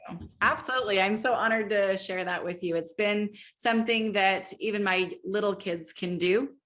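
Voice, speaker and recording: A middle-aged woman speaking as an interview guest, animated and laughing often, acting out inner voices as she talks. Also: mid-range voice, moderate pace. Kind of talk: enthusiastic interview talk.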